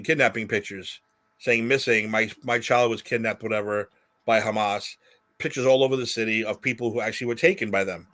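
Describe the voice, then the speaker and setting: A man co-hosting a podcast, telling stories in casual chat and swearing freely. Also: medium pitch. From New York City. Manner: animated storytelling, casual swearing. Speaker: podcast co-host.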